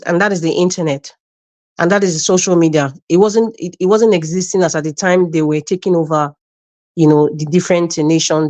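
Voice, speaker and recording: A woman's voice: low voice, darkish tone. A Nigerian woman, a guest on a live-stream panel, giving emphatic and mocking political commentary and repeating her points.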